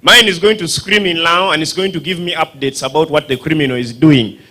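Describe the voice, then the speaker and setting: A man's voice: fairly high pitch, a little fast, sharp tone. A man with a Ugandan accent, doing stand-up comedy storytelling at a dinner event, acting out voices and sound effects and quizzing the audience. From northern Uganda.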